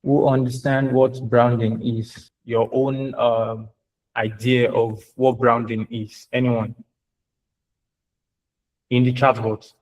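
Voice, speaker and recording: A man teaching an online class on branding, halting and repeating himself. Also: mid-range voice, little pitch movement, a little mellow, poor audio. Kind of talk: online lecture.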